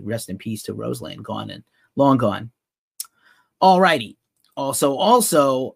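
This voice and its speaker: A man's voice: on the low side, vocal fry, slightly rough, no room sound, clean studio sound. A man hosting a live rock and metal news podcast, chatting loosely and reacting to viewer comments as he goes. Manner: loose, rambling, reads chat comments aloud. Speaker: podcast host. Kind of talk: casual live news show chat.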